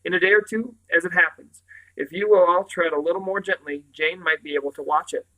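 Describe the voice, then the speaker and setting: A towering, cryptic old great-uncle in a storybook, voiced by a male reader. He speaks coolly and gravely, measuring every word. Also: sits high, fairly even intonation, brisk, bright, forceful tone, rough recording.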